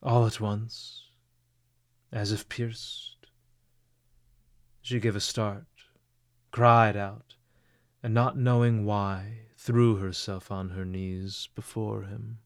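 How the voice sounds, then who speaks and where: Slow, low-voiced male audiobook narrator. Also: no echo, studio quality. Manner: measured, expressive reading.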